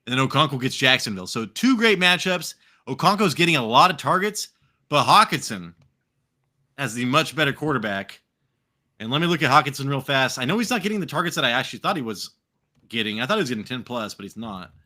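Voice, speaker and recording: A man's voice: medium pitch, quick pace. An American man co-hosting a live fantasy football show, rambling and swearing casually while drinking. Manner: profane, rambling, animated. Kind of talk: casual live podcast chat.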